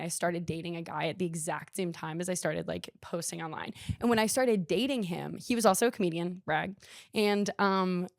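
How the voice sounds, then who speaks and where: A woman's voice: mid-range voice, dry recording, clean studio sound. A young woman hosting a podcast, telling a rambling, self-deprecating story in casual chat, full of "like". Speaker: podcast host.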